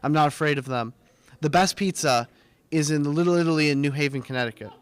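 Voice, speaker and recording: A man's voice: on the high side, smooth, dry recording. Joking young man hosting a live show. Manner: joking, mock-pompous, quick asides. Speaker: host of a student TV segment. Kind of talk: casual live-stream banter. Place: small studio room.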